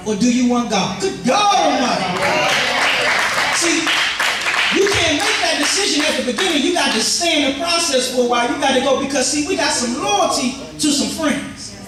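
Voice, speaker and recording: Preaching pastor in an echoey church. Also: male voice, very high-pitched. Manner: animated preaching with call-and-response to the congregation. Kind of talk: sermon. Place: church sanctuary. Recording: echoey church from far off, congregation audible.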